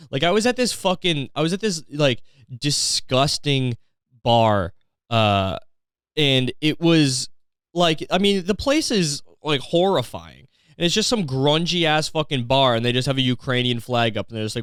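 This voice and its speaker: A man's voice: mid-range voice, animated, normal speed, clean tone, dry recording, clean studio sound. A man hosting a comedy podcast, delivering a profane, rambling, mock-outraged monologue. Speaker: podcast host.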